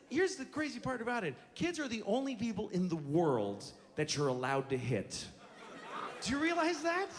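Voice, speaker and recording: Blunt, profane man doing stand-up. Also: extremely high pitch. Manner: blunt, profane, exasperated rants. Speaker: stand-up comedian. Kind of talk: stand-up routine. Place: comedy club stage. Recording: roomy live club with audience laughter.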